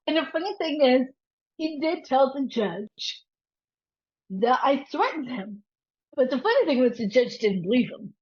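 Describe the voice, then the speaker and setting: On an interview show, a woman guest tells a story in a rather high, slightly slow voice, lively as she acts out the voices of the people involved. The audio is dull and lo-fi.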